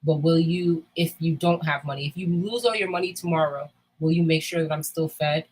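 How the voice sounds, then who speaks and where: A woman with a low, husky voice talks in a candid, casual chat. She is blunt and emphatic, and she swears freely as she makes her points. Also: steady tone, a little fast, darkish tone, rough recording. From United States.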